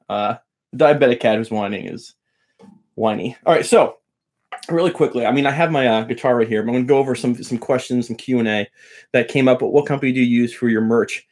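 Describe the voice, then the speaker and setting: A man's voice: medium pitch, darkish tone. Chatty man hosting a guitar live stream. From Long Island, New York. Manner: chatty and joking, greets viewers by name. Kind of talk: casual live-stream lesson and chat.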